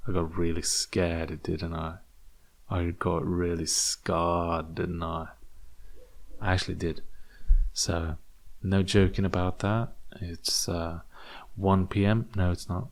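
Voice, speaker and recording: A man's voice: low voice, level tone, slow pace. A young man from England with a British accent that slips into American, rambling and joking through a solo podcast with many restarts. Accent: British English with American slips. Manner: rambling, jokey, stammering restarts. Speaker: podcast host.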